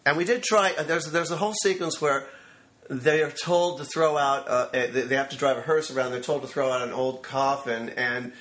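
Man, fifties, screenwriter guest, lively storyteller, mid-pitched voice, roomy echoey sound. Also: brisk. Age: 50s. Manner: animated storyteller who acts out quotes. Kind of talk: anecdotal storytelling interview. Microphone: studio microphone.

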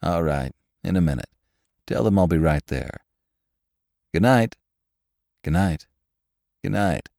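A man's voice: low voice, lively intonation, slow, gravelly, long pauses, a little mellow, dry recording, clean studio sound, exaggerated voice. A man reading the part of an eager, charming young wealthy host who speaks in a reassuring way. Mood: hurried.

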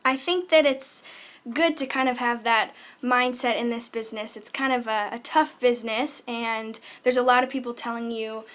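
A young woman with a slightly high voice chats easily as an interview guest. She laughs often and fills her answers with ums and likes, keeping the tone loose and relaxed. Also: moderate pace. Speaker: singer guest. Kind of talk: casual interview chat.

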